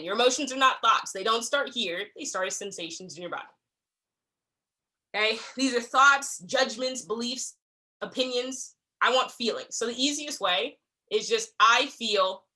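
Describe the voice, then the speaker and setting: A woman's voice: fairly high pitch, bright, forceful tone. A young adult woman leading a staff training talk, speaking conversationally with frequent check-ins and acting out little exchanges. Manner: acts out quoted exchanges. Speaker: workplace trainer.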